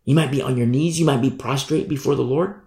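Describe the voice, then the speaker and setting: A man's voice: mid-range voice, fast talker, a little mellow, reverberant. A man preaching a sermon in an emphatic way, repeating scripture lines for stress.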